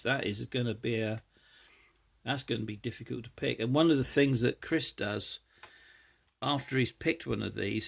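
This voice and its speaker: Gravelly man thinking aloud. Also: medium pitch. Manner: hesitant, thinking aloud with many fillers. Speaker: lockpicking hobbyist vlogger. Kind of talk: casual demonstration while picking a lock.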